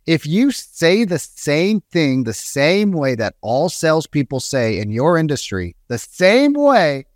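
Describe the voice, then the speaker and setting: Direct male sales trainer, punchy coaching delivery, bright-ish pitch, dry recording. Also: lively intonation, a little slow, no echo. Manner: direct, emphatic, acts out quoted voices. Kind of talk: energetic coaching talk.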